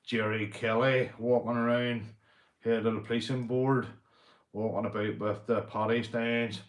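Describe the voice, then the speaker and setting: A man's voice: mid-range voice, little pitch movement, measured pace. Boisterous Northern Irish man, echoey room. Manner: rambling and boisterous, repeats "mate". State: drinking beer. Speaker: livestream host. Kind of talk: casual livestream chat.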